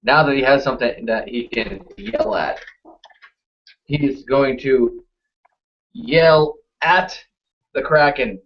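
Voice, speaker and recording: A man's voice: mid-range voice, slow pace, long pauses, dull audio. A man playing a tabletop game, chatting casually and reading rules aloud. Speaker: player.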